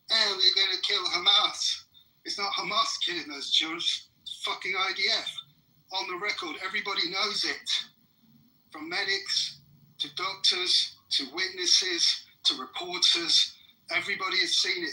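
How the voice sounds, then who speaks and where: A man's voice: sits high, moderate pace, sharp tone, rough recording. A man, ranting in fury and swearing hard during a heated live debate. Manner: furious, profane ranting. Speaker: debate participant.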